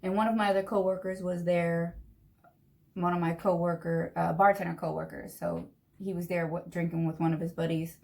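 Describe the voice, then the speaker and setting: A young woman telling a long personal story in a chatty, animated way while doing her makeup. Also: on the low side, a little fast, creaky. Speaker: vlogger. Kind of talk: get-ready-with-me storytime.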